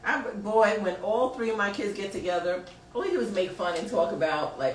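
A woman's voice: mid-range voice, brisk. Laughing slangy woman host, echoey and distant. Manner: laughing, teasing, loose slangy delivery. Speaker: podcast host reading live chat. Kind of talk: casual chat. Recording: roomy echo, distant mic, faint noise.

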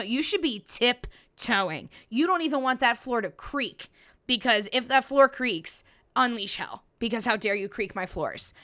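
A young woman hosts a casual solo podcast, chatting bluntly and animatedly and swearing freely. Her voice is bright and sharp, set a little high, and she often acts out what others said. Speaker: podcast host.

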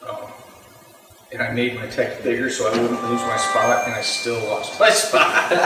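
A man's voice: mid-range voice, takes it slowly, music in the background. A man giving a casual sermon to a youth group, talking in a conversational way and often checking in with his listeners. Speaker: youth pastor. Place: church youth room. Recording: very echoey room, mic far off.

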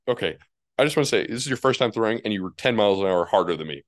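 A man in his twenties, a college pitcher, telling baseball stories in casual chat and acting out the people he quotes. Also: racing, dry recording, studio quality. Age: 20s. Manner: animated storyteller, acts out quotes in high voices.

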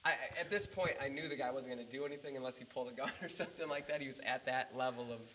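A man spinning a story in relaxed chat, with an ordinary mid-range voice. He gets animated and swears freely, doubling back and restarting as he talks. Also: mid-range voice, very fast, a little hiss or hum.

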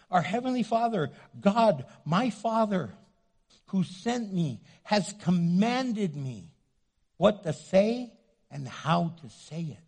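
A man preaching a sermon, animated, swinging from loud to hushed and acting out the voices he quotes. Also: a little high. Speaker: pastor.

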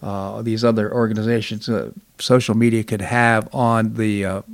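A man hosting a talk show, giving commentary in a measured way with hesitant fillers. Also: lowish voice, little pitch movement, vocal fry, no echo. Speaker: show host.

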